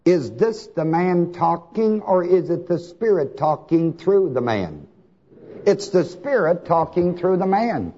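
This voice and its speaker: Male preacher, husky voice, slow delivery; lo-fi recording with a long hall echo. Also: sits high, sing-song. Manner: asks the congregation to fill in words; emphatic, swings between soft and shouted. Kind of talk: sermon. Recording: long hall reverb, dull lo-fi sound.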